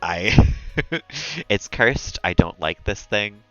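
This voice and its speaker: A man with a lowish, lively voice speaks slowly in a pushed, bright tone over lo-fi audio with soft music behind him. He's live-streaming a game, rambling through casual commentary and often laughing at his own jokes.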